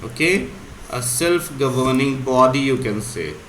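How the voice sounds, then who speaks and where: Man, vocabulary teacher, slow explanations, echoey room, faint background hum. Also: mid-range voice, lively intonation, fairly bright tone. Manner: explains words slowly, spells them out. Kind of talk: casual vocabulary lesson.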